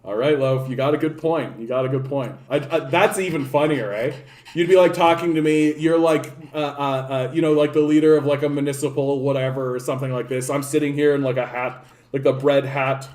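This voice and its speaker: A man's voice: mid-range voice, fairly even intonation, a little fast, darkish tone. A man giving casual, rambling political commentary on a livestream, swearing freely and filling his talk with "like" and restarts. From Canada. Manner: rambling, profane, many "like" fillers and restarts. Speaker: political streamer.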